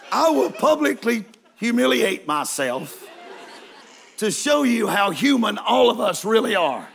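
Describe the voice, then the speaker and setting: Gravelly high-voiced preacher, slow and folksy. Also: male voice, a little hiss or hum. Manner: folksy, emphatic, bursts into shouts. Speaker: guest preacher. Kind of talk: humorous storytelling sermon. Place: large church auditorium with a live congregation.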